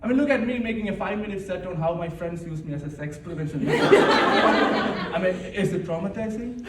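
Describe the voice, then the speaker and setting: High-voiced man doing stand-up. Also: a little fast. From India. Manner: chatty, self-mocking, laughs at his own jokes. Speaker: stand-up comedian at a work party. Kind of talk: stand-up comedy set. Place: office Christmas party room. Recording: echoey room, distant mic, noisy.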